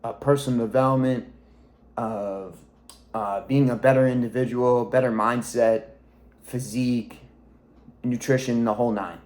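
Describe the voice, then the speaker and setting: A man's voice: mid-range voice, fairly even intonation, a little slow, long pauses, a little mellow. A young man in his twenties talking to camera in a rambling, reflective monologue, swearing freely as a weight-loss coach.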